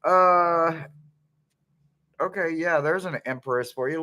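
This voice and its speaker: A man's voice: fairly high pitch, measured pace, pushed and bright. A man tarot reader on a live stream, laughing almost nonstop and exclaiming giddily while unboxing a deck.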